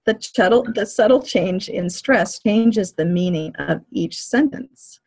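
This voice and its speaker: A woman lectures to teachers in a steady, measured, explanatory manner. Her voice sits in a middle register with a slightly husky edge. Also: medium pitch. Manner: clear, measured explanatory delivery. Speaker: teacher educator. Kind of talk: lecture on reading fluency.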